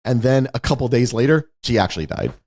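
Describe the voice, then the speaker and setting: A man's voice: mid-range voice, fast talker. A man co-hosting a podcast in casual chat, telling stories and acting out the voices of the people he quotes. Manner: animated storyteller, acts out quotes. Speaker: podcast co-host.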